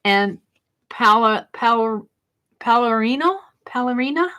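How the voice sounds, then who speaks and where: A woman's voice: fairly high pitch, lively intonation, a little slow, sharp tone. A woman hosting a casual crafting live stream, exclaiming over mail and greeting viewers in chat.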